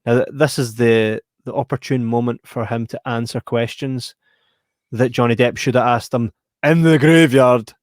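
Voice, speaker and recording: Man, Scottish accent, podcast co-host, animated, acts out scenes, dry recording. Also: mid-range voice, normal speed, no room sound. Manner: animated, laughing, acts out scenes with squeals and sound effects. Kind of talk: casual film chat.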